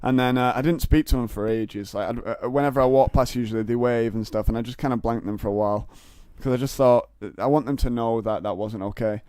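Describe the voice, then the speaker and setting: A man's voice: mid-range voice, steady tone, quick pace, few pauses, warm tone, smooth, no room sound. A young man telling a story in casual chat, rambling with stammered restarts. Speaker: comedian guest.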